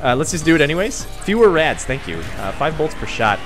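A man commentating his own video game run, swinging from low mutters to excited yelps and laughter. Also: brisk. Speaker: gaming channel host. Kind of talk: let's play commentary. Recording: game music behind. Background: game music.

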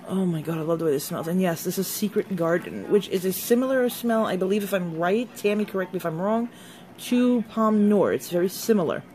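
A woman vlogger chatting casually through an unboxing, excitable and gushing over each product. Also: on the low side, brisk, a little hiss or hum.

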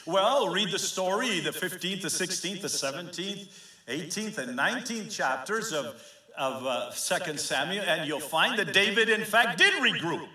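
A man pastor preaching an impassioned sermon, swinging between hushed and fervent passages. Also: sits high, animated, normal speed. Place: church sanctuary. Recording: echoey church sanctuary.

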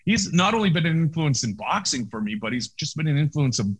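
A male actor as an interview guest, telling a story in casual talk, animated, with many restarts and acted-out quotes, on a video call. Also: on the high side, quick pace, breathy edge.

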